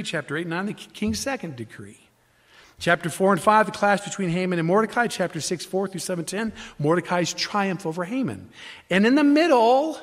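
High-voiced preaching man. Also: fairly bright tone. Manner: emphatic, explanatory, with frequent restarts and fillers. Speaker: pastor. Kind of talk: sermon teaching.

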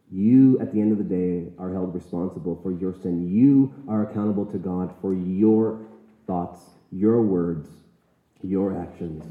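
A male pastor preaching a sermon in an earnest, emphatic way, slowing down to stress key words. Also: low-pitched. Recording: echoey room, tinny phone-like sound.

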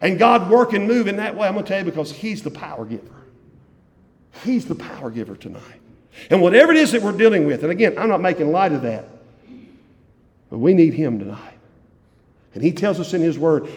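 A man from Virginia, preaching a fervent evening sermon as pastor. He repeats key phrases and swings between loud and hushed lines. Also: high voice, big pitch swings, brisk, pauses often. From West Virginia, USA. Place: church sanctuary. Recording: long church hall reverb.

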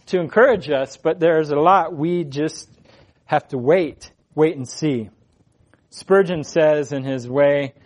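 A man's voice: on the high side, darkish tone. A man preaching a sermon as pastor, earnest, repeating key phrases and putting questions to the congregation.

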